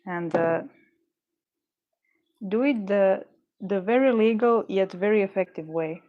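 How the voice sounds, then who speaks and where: A woman's voice: mid-range voice, a little slow, narrow, tinny audio. A woman chats loosely to viewers while making jewelry at her desk. She rambles and wanders off on tangents, talking herself down whenever the work frustrates her. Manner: rambling and chatty, talks herself through frustration. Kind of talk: casual chat while crafting.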